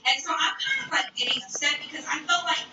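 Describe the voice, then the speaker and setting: A young woman telling a story casually as a streamer, animated, chatty and full of swearing. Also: sits high, fast, lo-fi sound. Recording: echoey room, far from mic, background noise. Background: video playing in the background.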